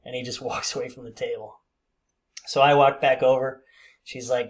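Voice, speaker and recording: A man's voice: medium pitch, little pitch movement, moderate pace. A man in his fifties telling a casual, rambling story with many fillers and restarts. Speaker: vlogger.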